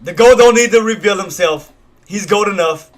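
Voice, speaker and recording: Hyped high-voiced trading streamer, man. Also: normal speed. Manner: hyped, shouting and laughing, slangy. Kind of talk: live trading commentary.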